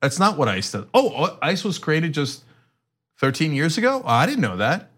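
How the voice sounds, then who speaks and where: Middle-aged male co-host, lively pitch, animated delivery for casual political talk. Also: normal speed. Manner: animated, acts out quotes.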